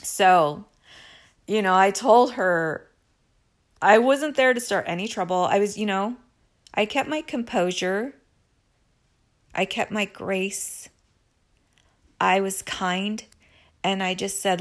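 A woman's voice: a little high, unhurried. A woman vlogger telling a personal story to her viewers in a confiding way, with apologetic asides. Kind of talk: storytime monologue.

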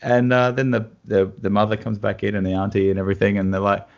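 A guest guitarist with an Australian accent and a lowish, creaky voice talks at a quick pace. He shares lively anecdotes with laughter in a relaxed conversation, captured on a dull lo-fi recording.

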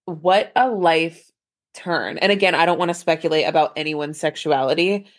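Emphatic lower-voiced woman co-host. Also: normal speed. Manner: emphatic, slangy, lots of fillers. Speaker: podcast co-host. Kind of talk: casual chat.

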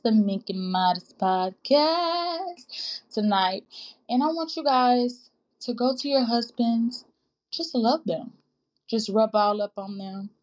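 With a fairly high, slightly mellow voice, the host of a women's faith podcast speaks earnestly and casually. She calls her listeners sis and baby, urging them on in a preacherly manner.

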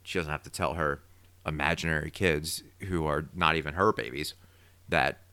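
Low-voiced man theorizing in a podcast. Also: normal speed, clean tone, dry recording. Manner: opinionated, animated theorizing. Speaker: podcast co-host. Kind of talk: casual recap chat.

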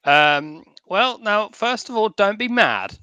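A man's voice: high-pitched, big pitch swings, unhurried, sharp tone, no room sound, dull audio. A man playing a tabletop game in character, sheepish and apologetic. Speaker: player.

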